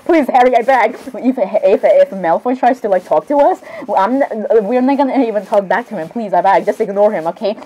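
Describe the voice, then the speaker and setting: A high, light woman's voice carries a loose, improvised fan role-play acted out with drawings. She giggles often, apologizes constantly and rambles from one character to the next. Her tone stays bubbly and unscripted throughout. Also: brisk, few pauses, warm tone, slight background noise, rough recording. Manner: giggly, apologetic, rambling, keeps breaking into laughter. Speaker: channel creator.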